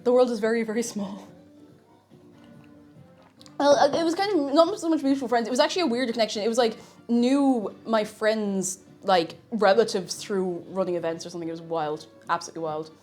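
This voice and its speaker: A woman's voice: on the high side, a little fast, darkish tone, faint music behind. A woman with an Irish accent chatting casually on a live stream while cooking, reading chat aloud and laughing often. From Ireland.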